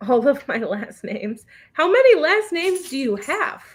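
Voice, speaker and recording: A woman's voice: sits high, sing-song, a little slow. A woman hosting a casual reading livestream over a video call, chatting and laughing often.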